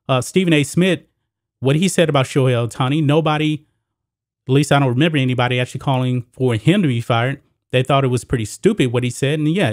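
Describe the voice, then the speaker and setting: A man's voice: medium pitch, dry recording, studio quality. A man hosting a solo sports commentary show, talking casually to his viewers as guys and folks.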